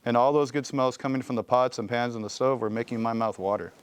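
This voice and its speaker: Man reading a kids' novel aloud, expressive, smooth resonant voice. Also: medium pitch, quick pace. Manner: expressive storytelling. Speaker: guest reader.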